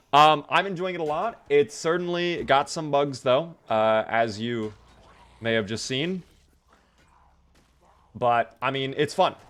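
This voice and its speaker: A man's voice: mid-range voice, fairly bright tone. Chatty joking male game streamer. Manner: chatty, joking, swears freely. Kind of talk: casual live gameplay chat.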